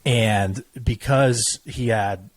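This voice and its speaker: A young man co-hosting a podcast, telling stories in a casual, profane, animated way. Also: lowish voice, drawn-out words, rough recording. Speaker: podcast co-host. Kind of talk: casual chat.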